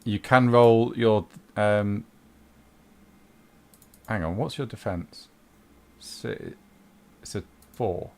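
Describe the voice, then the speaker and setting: Brief: man game master, low voice, calm rulings. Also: slow pace, creaky, pauses often. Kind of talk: running a tabletop game.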